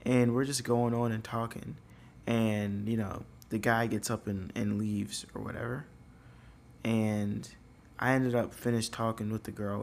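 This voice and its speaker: A man's voice: on the low side, creaky, a little hiss or hum. A young man telling a story in a casual, rambling way, full of fillers. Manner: rambling, filler-heavy, loose.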